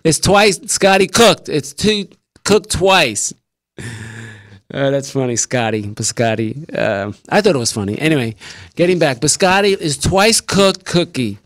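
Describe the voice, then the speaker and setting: Man on a live stream, rambling and jokey, higher voice, dry close sound. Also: very animated, unhurried, a bit bright, no echo. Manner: rambling, jokey, talks with mouth full. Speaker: show host. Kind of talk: casual live-stream cooking chat. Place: small room at a desk.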